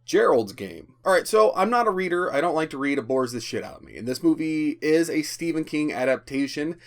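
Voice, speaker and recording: A man's voice: on the high side, sing-song, fairly quick. A man giving a rambling, profane spoken movie review, often stammering and restarting. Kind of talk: casual spoken film review.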